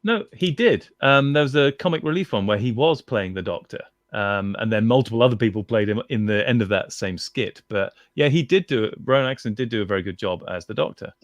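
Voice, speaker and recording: A man's voice: fairly low pitch, animated, fairly quick, few pauses, no echo. A man chatting as a guest on a live stream, giving firm opinions and telling stories. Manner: opinionated, storytelling. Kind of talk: casual chat.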